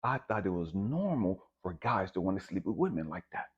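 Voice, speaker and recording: A man giving a raw, profane personal testimony, swinging between hushed and loud. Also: deep voice, sing-song, moderate pace, slightly rough, muffled recording. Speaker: speaker sharing a personal testimony.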